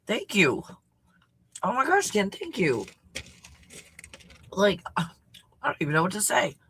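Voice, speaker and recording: A woman's voice: medium pitch, huge pitch swings, unhurried, fairly bright tone, slight background noise. A woman hosting a casual livestream chat, snacking, reacting to viewer comments and swearing freely. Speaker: host.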